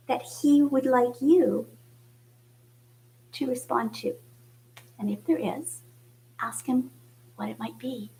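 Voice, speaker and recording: High-voiced woman giving a gentle sermon. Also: creaky, low-quality recording. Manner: reflective, with soft hushed passages. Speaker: church speaker. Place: church.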